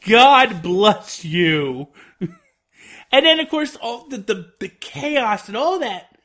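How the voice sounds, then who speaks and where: A man's voice: extremely high pitch, expressive, slow pace, bright, forceful tone. A man giving an enthusiastic, rambling spoken review, full of fillers. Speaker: wrestling reviewer.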